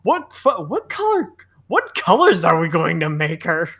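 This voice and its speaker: A man's voice: a little high, huge pitch swings, unhurried, vocal fry, a bit bright, husky. A young man from Central New Jersey, co-hosting a podcast in a casual, rambling chat full of fillers. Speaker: podcast co-host.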